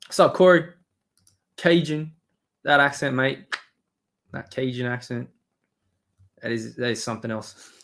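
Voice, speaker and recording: A man's voice: mid-range voice, fairly bright tone. A man hosting a live stream, rambling and swearing as he reads and answers his chat. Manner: rambling, profane, talks to chat. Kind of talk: casual live-stream commentary.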